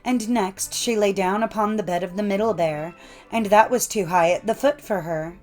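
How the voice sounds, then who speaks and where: A woman reading old folk tales aloud in a measured storytelling cadence. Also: medium pitch, a little mellow, faint music behind. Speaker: narrator. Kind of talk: scripted storybook narration.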